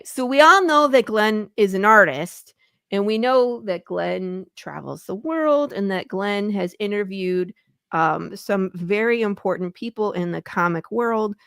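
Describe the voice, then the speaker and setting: A woman's voice: mid-range voice, expressive, a little slow, gravelly, a bit bright, clear, resonant tone, dry recording, clean studio sound. A woman hosting a casual chat show, bubbly and teasing, laughing often. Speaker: podcast host.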